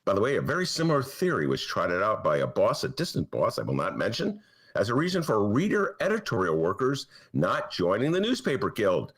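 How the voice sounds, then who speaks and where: A man's voice: on the low side, huge pitch swings, a little fast, slightly rough. A man hosting a comedic political talk show from his apartment, sarcastic and mocking. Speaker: host and newspaper columnist. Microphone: headphones and mic.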